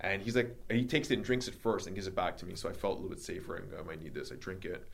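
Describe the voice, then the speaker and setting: A man hosting a podcast, telling a personal story in casual chat, animated and acting out the dialogue with many fillers. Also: sits low, racing, gravelly.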